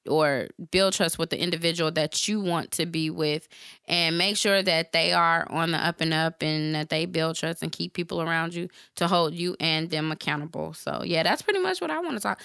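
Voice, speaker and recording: A woman's voice: on the low side, moderate pace, creaky, bright, forceful tone, clean tone, dry recording, clean studio sound. A woman hosting a casual talk show, gushing and laughing easily as she introduces a guest. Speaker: show host.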